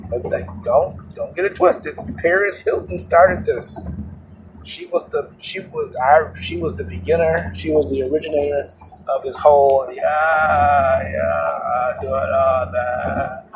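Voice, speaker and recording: A man's voice: a little high, moderate pace. A man hosting his own show, talking in a loose, rambling monologue, laughing often and restarting his sentences. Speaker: podcast host. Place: moving vehicle. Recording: road noise in a car. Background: road noise.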